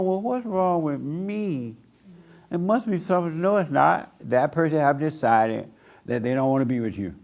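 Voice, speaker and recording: An older man preaching a blunt sermon to a small group, mocking people by acting them out in a higher voice. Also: darkish tone. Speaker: pastor.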